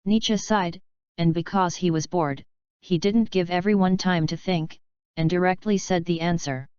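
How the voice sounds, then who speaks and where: A woman narrating a fanfiction audiobook in a steady, even reading. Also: lowish voice, unhurried, smooth, dry recording. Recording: dull lo-fi dry recording.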